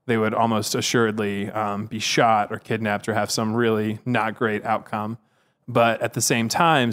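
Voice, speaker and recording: Smooth-voiced man telling a rambling story. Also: on the low side. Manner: rambling, with frequent fillers and "if you will"; mimics other people's voices when quoting. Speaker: podcast co-host. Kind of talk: casual chat, storytelling.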